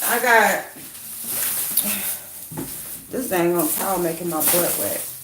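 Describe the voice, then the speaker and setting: A woman with a sick, hoarse voice chatting casually with viewers while doing her makeup, greeting them by name and gossiping. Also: on the low side, expressive, slow, background noise. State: sick, hoarse voice with a runny nose. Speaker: YouTube commentary host.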